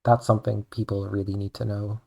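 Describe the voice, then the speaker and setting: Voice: low voice, little pitch movement, brisk, gravelly, dark tone. A young adult speaker with an Irish accent who streams and draws, chatting casually and rambling, with "like" in nearly every sentence. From Ireland. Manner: rambling, chatty, says "like" often. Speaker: streamer and artist. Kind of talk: casual chat while drawing.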